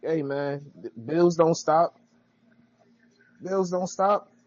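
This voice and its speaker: Joking podcast co-host, lo-fi sound. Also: male voice, on the high side, slow, darkish tone. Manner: loose, joking, thinks aloud. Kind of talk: casual chat. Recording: dull lo-fi audio.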